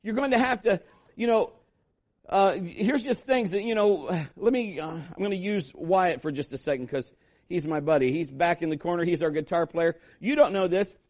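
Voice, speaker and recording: A man's voice: high voice, moderate pace, darkish tone. A man preaching a sermon as pastor, emphatic and repetitive, acting out quoted voices.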